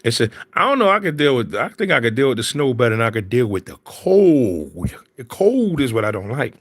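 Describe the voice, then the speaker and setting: A man's voice: mid-range voice, big pitch swings, a little fast, no echo. A man in casual chat, telling stories in slang and laughing often. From Philadelphia.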